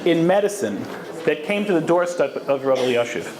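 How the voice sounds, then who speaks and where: A man's voice: a little high, expressive, normal speed. Man lecturing in an echoey room. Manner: storytelling, Hebrew terms woven in. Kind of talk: lecture on Jewish law. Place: lecture hall with audience. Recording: echoey room, faint background noise.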